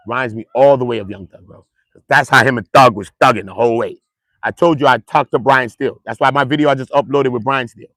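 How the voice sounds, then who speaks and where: A man riffs casually on a trial, mixing street slang and jokes into animated stories. His voice is gravelly at a mid pitch. The sound is dry and close, with no room in it. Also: no echo. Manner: loose street slang, joking, animated storytelling. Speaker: trial commentator. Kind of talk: casual livestream commentary.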